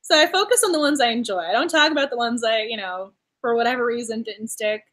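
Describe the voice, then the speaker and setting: A woman's voice: on the high side, quick pace, a bit bright. A young woman hosting a casual book club chat, effusive and gushing, laughing often as she talks. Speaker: booktuber host.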